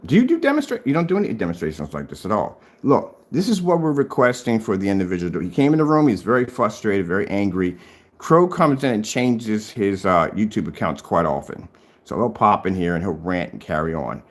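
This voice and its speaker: In a brisk, sing-song voice, a man in his fifties addresses a rival directly in a confrontational rebuttal vlog filmed at home as he shows his screen. This DIY projector screen paint vlogger taunts relentlessly, repeating his challenge with his pitch jumping up each time.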